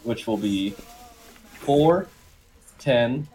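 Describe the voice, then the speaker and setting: A man's voice: mid-range voice, animated, extremely slow, warm tone, slight background noise, rough recording. A man playing a tabletop game, casual, crude and rambling as he narrates his character's moves. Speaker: player.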